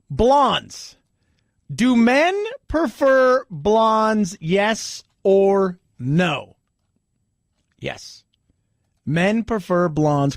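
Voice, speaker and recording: A man's voice: sits high, no room sound, studio quality. A man hosting a talk radio show, chatting casually and rambling, often laughing at his own stories. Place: radio studio. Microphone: studio microphone.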